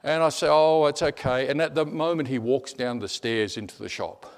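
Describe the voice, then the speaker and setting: A middle-aged man delivers a sermon built on personal stories. He swings between animated telling and hushed, almost whispered moments, often repeating words as he goes. His pitch sits in an ordinary middle range. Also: fairly quick. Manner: animated storyteller, repeats words, drops to a hush. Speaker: preacher.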